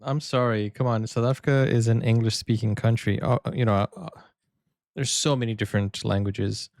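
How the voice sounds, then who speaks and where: A man from Brazil hosting a sports reaction video, chatting excitedly and often stumbling and restarting his sentences. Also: medium pitch, moderate pace, vocal fry, dry recording, studio quality. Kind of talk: casual reaction commentary.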